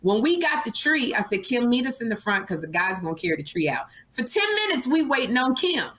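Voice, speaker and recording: A woman's voice: a little high, big pitch swings, fairly quick, a bit bright. A middle-aged woman co-hosting a comedy podcast, teasing her friend and telling stories in quoted voices. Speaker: podcast co-host. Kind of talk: casual comedic banter.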